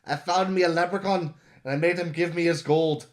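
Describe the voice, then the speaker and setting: A man's voice: fairly high pitch, fairly even intonation, fairly quick, voice pushed up, lightly acted. A man voicing a boastful, middle-aged male treasure hunter who sounds drunk, raising his voice for the quote.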